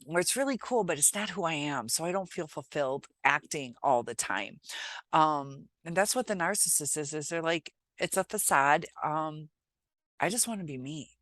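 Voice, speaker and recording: A woman vlogger talking to camera in a reflective, halting way, pausing often as she gives relationship advice. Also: sits low, fairly bright tone, no echo. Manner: reflective, halting, many pauses and filler sounds. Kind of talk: casual advice talk to camera.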